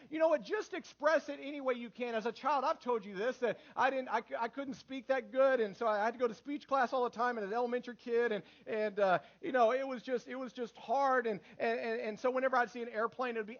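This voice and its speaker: Pastor guy preaching in church, high voice, kinda dull recording, repeats himself a lot, goes loud then real quiet. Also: fast talker, few pauses. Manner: emphatic preaching with repetitions and swings from loud to hushed. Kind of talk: sermon. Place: church sanctuary.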